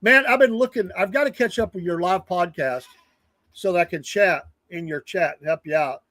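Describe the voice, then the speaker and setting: A man's voice: high voice, moderate pace, a bit bright, no echo. A man, hosting a casual live stream, rambling earnestly and greeting viewers from the chat by name. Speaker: livestream news show host.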